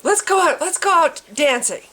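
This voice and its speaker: A woman's voice: very high-pitched, expressive, normal speed, voice pushed up, full character voice. A woman acting out a desperate man who screams threats at gunpoint, then gushes with thanks. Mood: gushing relief. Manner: shouting, frantic then gushing. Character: screaming armed man demanding love.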